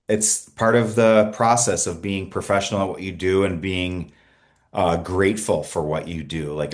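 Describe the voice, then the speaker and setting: Deep-voiced earnest man telling his story. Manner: earnest, energetic, with frequent restarts and "like". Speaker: podcast guest. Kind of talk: conversational interview storytelling.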